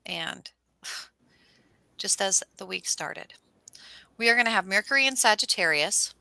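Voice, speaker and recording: A woman hosting a casual astrology chat, telling stories in a lively way and acting out what people said. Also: mid-range voice, measured pace, vocal fry, dry recording. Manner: animated storyteller, acts out quotes. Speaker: host.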